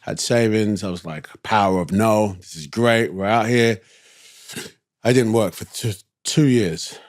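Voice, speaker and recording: London guy, lowish voice, chill slangy storytelling, dry close sound. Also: measured pace, dry recording. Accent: London English. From East London, England. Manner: laid-back, slangy, drifts between thoughts. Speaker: guest. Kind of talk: casual storytelling.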